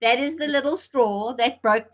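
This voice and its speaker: A woman's voice: a little high, normal speed, muffled recording. A middle-aged woman chatting emphatically as a podcast co-host. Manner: emphatic, animated, sometimes laughing nervously. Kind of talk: casual chat.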